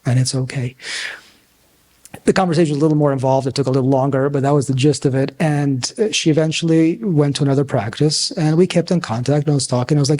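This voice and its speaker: A man, a physician and coach, giving a talk at a summit, telling stories and acting out the people in them with big pitch swings. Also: brisk, a little mellow. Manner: storytelling, acts out dialogue with big pitch swings. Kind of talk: conference talk with anecdotes.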